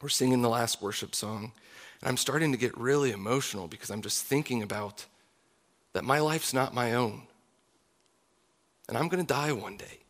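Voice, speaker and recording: Speaking at a moderate pace with long pauses, this thirtysomething pastor's medium-pitched voice carries an earnest, confessional sermon. He finishes with a soft prayer.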